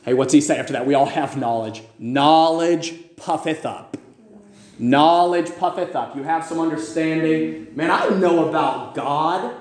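A man preaching a fervent sermon, firing questions at his listeners and rising to loud cries. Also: fairly high pitch, unhurried, reverberant.

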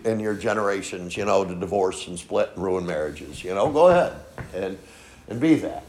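A man preaching a sermon in a folksy storytelling way, peppering his points with "okay?" and swinging from soft asides to loud emphatic lines. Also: on the low side, very animated, moderate pace. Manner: folksy storytelling, frequent "okay?" tag questions. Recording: echoey room.

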